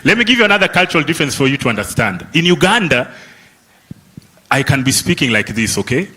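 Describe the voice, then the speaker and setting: A man from Kenya facilitates a youth summit in a conference hall, his slightly high voice sing-song, fast, pushed and bright with a breathy edge. He keeps the workshop lively, teasing the audience and finishing questions with "eh?" and "okay?".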